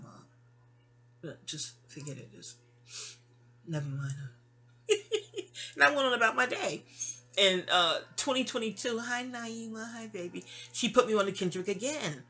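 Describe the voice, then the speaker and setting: A woman's voice: fairly high pitch, bright, forceful tone. A middle-aged woman telling a story to her phone at home in a rambling, chatty way, full of digressions and asides. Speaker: vlogger. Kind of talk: casual storytelling monologue.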